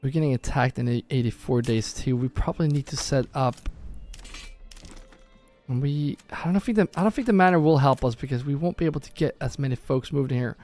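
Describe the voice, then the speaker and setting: A man's voice: mid-range voice, a little fast, a little mellow. A man casually commenting on his own gameplay on a live stream, thinking aloud and often correcting himself. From Norway. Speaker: gaming streamer. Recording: faint background music.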